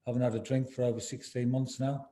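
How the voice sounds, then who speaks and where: A man talks openly in an interview. His voice is deep and very dark and mellow in tone, and his speech is halting, full of restarts and "you know"s. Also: flat delivery. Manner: halting, repeats words, says "you know" often. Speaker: interview guest, former footballer. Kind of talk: candid interview conversation.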